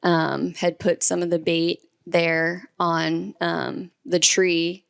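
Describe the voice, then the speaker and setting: A woman speaking in a smooth, clear voice at a fairly low pitch. She tells her story slowly and tentatively, often pausing on "um". The recording is dry and close. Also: little pitch movement, dry recording. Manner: hesitant, with frequent "um". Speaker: guest, hunter's wife. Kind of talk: casual storytelling.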